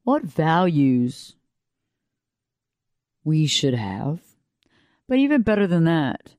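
A woman with a lower voice than she'd like, giving an unhurried, reflective motivational talk that repeats phrases and asks the listener questions. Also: sing-song, a little mellow, dry recording, clean studio sound. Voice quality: lower voice than she wished for. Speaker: motivational speaker.

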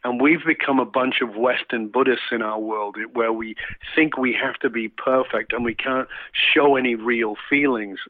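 A man's voice: mid-range voice, fairly even intonation, normal speed, no room sound. A man from England telling a reflective story in conversation, with many fillers and restarts. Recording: tinny phone-like line.

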